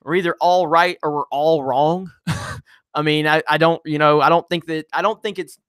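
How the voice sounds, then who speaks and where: A man's voice: fairly high pitch, steady tone, normal speed, fairly bright tone, clean tone, no echo, clean studio sound. A man hosting a casual live stream, reading viewer comments and ranting bluntly with frequent swearing and restarts. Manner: blunt, profane, rambling with many restarts. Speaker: YouTube channel host.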